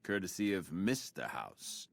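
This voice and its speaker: An actor playing a slick, smooth-talking casino doorman in a video game, full of lounge slang. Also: low voice, very animated, measured pace, dry recording, full character voice. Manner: jive lounge slang, calls people baby.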